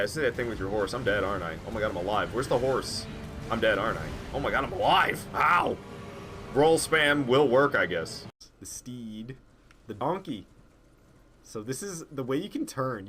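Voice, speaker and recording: A man casually chatting through a game stream, excitable and prone to swearing, swinging from mumbles to loud outbursts, recorded in a room at home. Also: mid-range voice, moderate pace, over music. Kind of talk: casual gameplay commentary.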